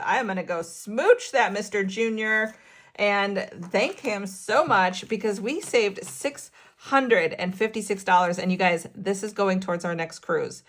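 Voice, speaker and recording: Excitable woman counting cash aloud. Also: medium pitch, a little slow, a little hiss or hum. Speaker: budgeting channel host. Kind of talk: casual cash-stuffing vlog.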